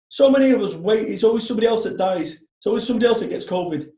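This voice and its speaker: A man's voice: high-pitched, expressive, racing, dark tone, echoey room, poor audio. A man in his forties, a motivational speaker telling blunt, heavily profane stories in casual podcast chat. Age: 40s.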